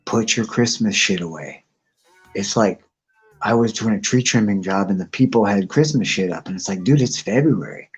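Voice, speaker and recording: A man's voice: on the low side, normal speed, husky, soft background music. A man hosting a live stream, telling rambling profane stories in a casual chat. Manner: crude, rambling, animated storyteller. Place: home, outdoors nearby.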